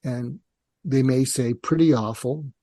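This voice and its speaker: An older man, a psychiatrist guest, explaining calmly and in a measured way in an interview, sometimes acting out dialogue. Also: medium pitch, no room sound, studio quality. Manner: calm, measured, acts out parent and teen dialogue.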